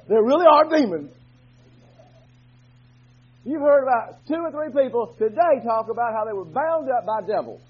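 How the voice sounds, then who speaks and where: A male pastor preaching a fervent sermon in a church, moving from quiet talk to shouting. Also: very high voice. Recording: dull lo-fi recording.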